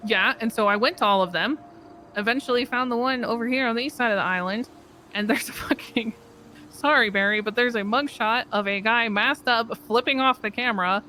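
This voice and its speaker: A fellow player recounting events in character during a game roleplay, rambling and quoting others with quick laughs. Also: medium pitch, bright, forceful tone, a little hiss or hum. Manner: rambling storyteller, quotes others, laughs mid-sentence.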